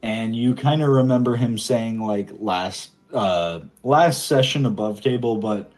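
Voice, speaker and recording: A man narrating as game master of a tabletop game, lively, with loose fillers. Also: medium pitch, unhurried.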